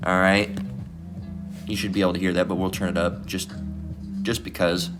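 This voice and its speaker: Low-voiced man in a profane, rambling sermon. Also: flat delivery, moderate pace, over music. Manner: profane, digressive, constant "all right?" tags. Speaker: self-styled bible teacher. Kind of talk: rambling casual scripture commentary.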